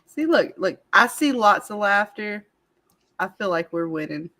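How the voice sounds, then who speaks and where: Woman host of a casual live stream, lively and rambling, quick to laugh. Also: medium pitch. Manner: animated, laughing, rambling with many fillers. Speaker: channel host.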